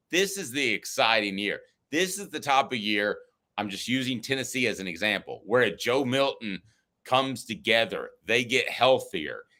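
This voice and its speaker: A man's voice: on the low side, pushed and bright. A middle-aged man co-hosting a casual sports talk podcast, arguing and teasing his partner. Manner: argumentative, teasing. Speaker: podcast co-host.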